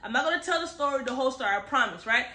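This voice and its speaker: A woman's voice: high-pitched, lively intonation, racing, pushed and bright, reverberant. A young woman in a casual book review chat. She is chatty and candid, uses slang, drifts off topic and keeps checking in with "right?".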